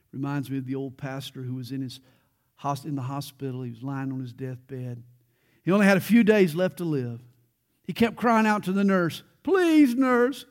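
A man's voice: a little high, a little mellow. A man preaching a verse-by-verse Bible sermon, earnest and building to emphatic peaks, with light jokes along the way. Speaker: pastor.

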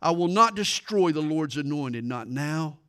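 A man's voice: sits high, a little slow, a bit bright, clear, resonant tone, pitched above the performer's own voice. A man reading scripture voices an earnest young male future king, speaking in a solemn, emphatic, declaring way. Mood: resolute.

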